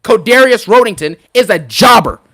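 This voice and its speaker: A man's voice: high voice, lively intonation, normal speed, pushed and bright. A man on a live stream, ranting bluntly and in an exasperated way, repeating his points for emphasis. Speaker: live streamer reviewing wrestling. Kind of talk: live rant.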